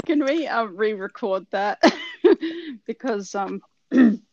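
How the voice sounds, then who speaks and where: A woman hosting a podcast in casual chat, hesitant with many pauses and fillers. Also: medium pitch, lively intonation, darkish tone, dull audio, a little hiss or hum. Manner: hesitant, lots of ums, giggly. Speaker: podcast host.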